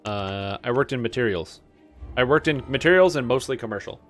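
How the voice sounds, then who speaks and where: A man's voice: medium pitch, lively intonation, brisk, fairly bright tone, soft background music. A young man streaming a game, chatting casually and rambling through stories. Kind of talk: casual chat while gaming. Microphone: webcam-streaming setup.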